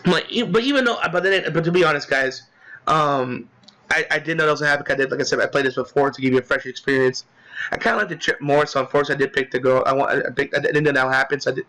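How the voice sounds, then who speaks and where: A man casually recapping a game he played, rambling with lots of filler words and restarts, swearing as he gets excited. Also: mid-range voice, quick pace, rough recording. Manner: profane, excitable. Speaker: gaming commentator.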